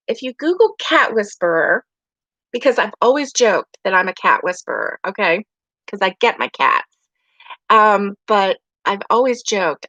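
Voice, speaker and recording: Her voice sits fairly high and a bit bright as she runs a relaxed livestream from her bedroom at home. She rambles chattily and laughs a lot, captured in a dry, dull lo-fi recording.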